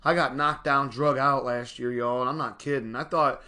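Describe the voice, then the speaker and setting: A man with a mid-range voice speaks at normal speed, rambling casually about his life and a self-help book. Animated and laughing often, he addresses viewers as "y'all" in this personal storytelling and reflection.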